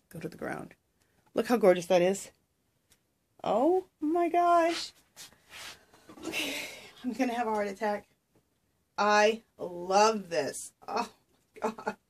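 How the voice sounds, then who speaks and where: A woman's voice: mid-range voice, slight background noise. A woman vlogging to her camera at home as she opens a package of craft gifts, gushing with breathless exclamations of delight. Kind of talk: excited unboxing chat to camera. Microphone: camera she sets up herself.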